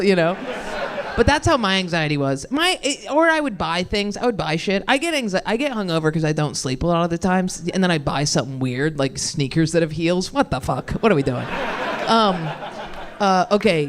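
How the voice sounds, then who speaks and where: Onstage at a club, a young woman works through a stand-up set, poking fun at herself, laughing mid-sentence, and losing her thread with lots of fillers and restarts. She has a lowish voice, with slight background noise.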